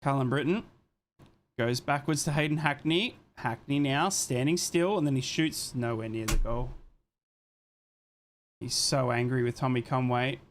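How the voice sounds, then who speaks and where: A young man streaming a live football watchalong, calling the match play by play and reading out chat messages, excitable and swearing freely. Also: mid-range voice, unhurried, long pauses, a little hiss or hum.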